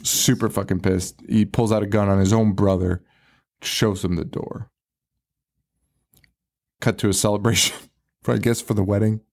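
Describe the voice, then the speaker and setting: A man's voice: on the low side, level tone, moderate pace, vocal fry, long pauses, darkish tone. A man co-hosting a podcast, recapping a horror movie in casual chat, swearing freely and laughing often. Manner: profane, laughing, retells scenes in mock voices. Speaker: podcast co-host.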